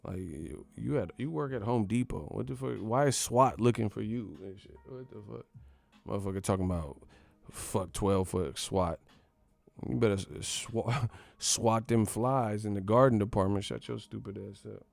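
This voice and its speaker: A man's voice: fairly low pitch, moderate pace, gravelly, a little mellow, no room sound. A man hosting a boxing channel, ranting casually with profane, mocking, slang-heavy talk. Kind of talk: casual rant to camera.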